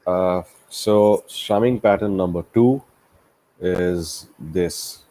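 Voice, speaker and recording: A man gives a one-to-one guitar lesson in a low, dark voice, taking it slowly. He patiently breaks a strumming pattern down step by step, counting the beats aloud while acoustic guitar plays throughout.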